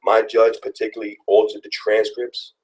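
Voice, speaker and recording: Deep-voiced earnest young father. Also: completely flat delivery, normal speed, darkish tone, rough recording. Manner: earnest, storytelling, many restarts. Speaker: guest, father. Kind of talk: casual interview talk.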